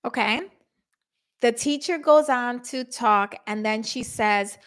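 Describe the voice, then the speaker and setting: Woman host, middle-aged, animated storytelling, slightly high voice. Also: slow pace. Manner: animated, acts out quotes with voice shifts. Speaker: podcast host. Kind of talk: casual storytelling to listeners.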